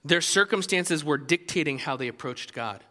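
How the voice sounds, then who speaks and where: A man preaching a sermon as pastor, animated and conversational, with many restarts. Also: on the high side, normal speed, long reverb tail.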